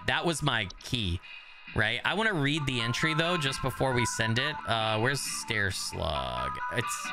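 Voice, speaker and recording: A man giving casual, profane let's-play commentary, rambling and mocking himself as he plays. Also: mid-range voice. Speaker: gaming YouTuber.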